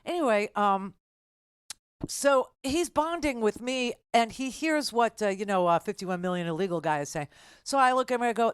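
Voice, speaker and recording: A woman's voice: a little high, animated, normal speed, clean tone, no room sound, studio quality. An older woman hosting a political talk radio show, telling a story in a rambling, sarcastic way with many restarts.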